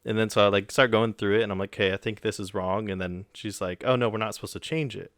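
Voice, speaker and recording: On a podcast, a young male co-host retells a story casually and with animation, performing the voices of those he quotes and using mild swearing. His pitch is fairly low, his pace fast, and the recording is dry.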